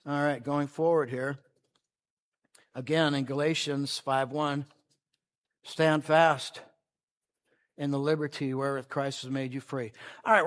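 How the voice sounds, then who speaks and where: A male preacher delivering a sermon, who switches between shouting for emphasis and a calm, conversational way of talking. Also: a little high, in a large hall.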